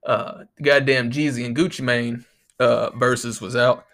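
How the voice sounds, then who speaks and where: A man's voice: medium pitch, steady tone, unhurried, fairly bright tone. A man hosting a podcast, ranting casually in a profane, exasperated way, close to the microphone. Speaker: podcast host.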